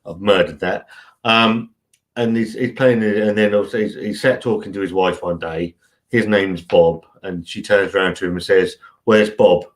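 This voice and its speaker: A man's voice: sits low, steady tone, normal speed. A man, chatting casually and rambling on a live stream, swearing freely. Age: 40s.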